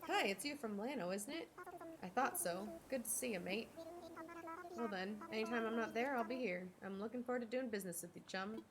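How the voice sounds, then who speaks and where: A woman reading aloud the lines of a smooth-talking male skunk who sells shoes in a video game, in a playful tone. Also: a little high, brisk, a crowd in the background, lightly acted. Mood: breezy.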